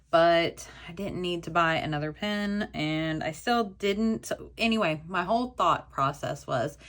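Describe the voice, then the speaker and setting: Woman doing a chatty unboxing vlog, kinda low voice, slow, gets all gushy and breathless. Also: a bit bright. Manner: gushing, emotional, breathless exclamations; chatty storytelling. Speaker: stationery YouTuber. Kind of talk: casual haul vlog, unboxing.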